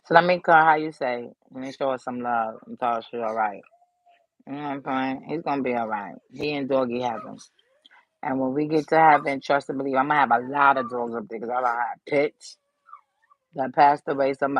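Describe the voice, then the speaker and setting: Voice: mid-range voice, vocal fry, no echo, low-quality recording. Rambling, subdued vlogger with dry sound. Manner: rambling, loose and profane, loses track of the thought. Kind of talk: casual to-camera vlog talk.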